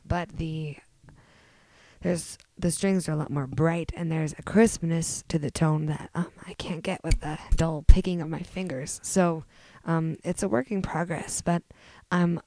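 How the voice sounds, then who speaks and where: Podcast host, woman, hoarse with a cold, lowish mellow voice, chatty and rambling, dry close sound. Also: fairly even intonation, no echo. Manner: chatty and rambling, halting with fillers. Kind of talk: casual podcast chat.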